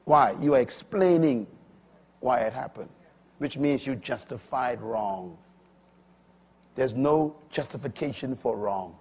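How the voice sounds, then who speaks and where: A middle-aged man preaching a sermon with a husky voice. He swings from loud, emphatic proclamations to quiet asides. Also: medium pitch, slow, long pauses.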